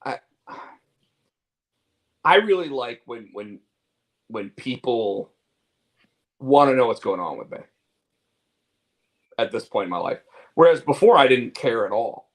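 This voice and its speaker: A man's voice: mid-range voice, big pitch swings, a little slow, pauses often, low-quality recording. A man co-hosting a casual talk show, rambling through restarts and fillers, candid and casual with swearing. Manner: rambling, repeats words and fillers. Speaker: podcast co-host. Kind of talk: casual chat.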